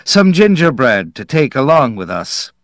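A man's voice: mid-range voice, sing-song, unhurried, a bit bright, no room sound, studio quality, pitched above the performer's own voice. A man reading aloud, voicing a bitter, scheming man who mutters sarcastically. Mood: sardonic.

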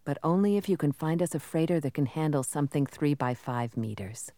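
A woman's voice: low-pitched, animated, brisk, dark tone, no echo. A woman reading the part of a determined female smuggler in terse lines. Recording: noisy recording.

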